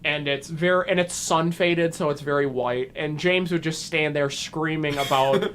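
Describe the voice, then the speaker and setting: This man speaks in a notably high voice, co-hosting a casual chat show. He rambles through anecdotes and bounces into lively quoted voices for the people in them. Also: moderate pace, a little hiss or hum. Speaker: podcast co-host.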